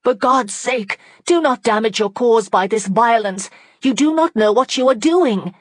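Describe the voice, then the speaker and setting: A woman reading an audiobook voices a young woman urgently pleading with an angry crowd, her voice raised high. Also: a little slow, no room sound, clean studio sound.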